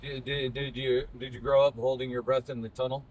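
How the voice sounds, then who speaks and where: A man's voice: mid-range voice, little pitch movement, fairly quick, darkish tone, slight background noise, poor audio. A man co-hosting a podcast from inside a moving car, chatting casually and cutting in with jokes. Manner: joking interjections, wisecracks. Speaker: podcast co-host. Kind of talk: casual chat.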